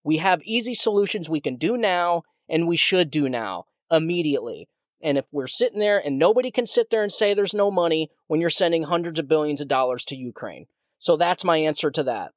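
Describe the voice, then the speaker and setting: A man's voice: a little high, expressive, brisk, no echo, clean studio sound. A man hosting his own podcast, talking in a heated, ranting way with many restarts and repeated words. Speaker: podcast host. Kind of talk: solo political commentary podcast.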